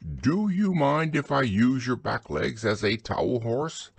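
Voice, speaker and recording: A man voicing a fussy, bossy male rabbit in a storybook reading, with a husky voice and stern, chattering talk. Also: lively intonation, measured pace, no room sound, heavily acted. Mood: cheerful. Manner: stern, chattering, raised pitch.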